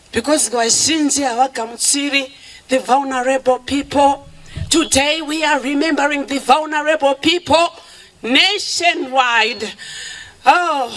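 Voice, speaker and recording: A woman speaks at a charity event in a high, bright voice. She takes her time, slipping between English and Shona and thanking people with open emotion. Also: poor audio. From Zimbabwe. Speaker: charity founder giving a speech. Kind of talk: public speech at an event.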